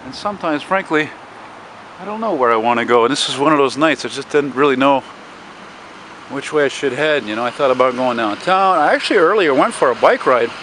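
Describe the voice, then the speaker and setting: Out on a city street as dusk falls, a man chats to his viewers in a walking vlog, rambling and swearing freely. His mid-range voice is expressive, brisk and a little bright, and traffic and passing cars can be heard throughout.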